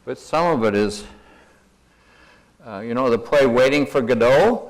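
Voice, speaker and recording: Older male conference speaker with a mid-pitched voice, folksy and rambling, self-deprecating humor. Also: lively intonation, unhurried, long pauses, poor audio. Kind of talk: conference talk, guided imagery. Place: conference room.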